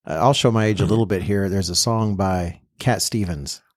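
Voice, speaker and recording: A man's voice: low-pitched, moderate pace, no room sound, clean studio sound. A man hosting a podcast interview in a friendly way, guiding the talk with questions. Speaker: podcast host.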